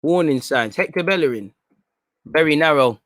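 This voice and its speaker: A man giving excitable, slangy live commentary at a football watchalong, often talking to his viewers. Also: on the high side, normal speed, no room sound, clean studio sound. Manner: excitable, chatty, slangy, keeps addressing "people".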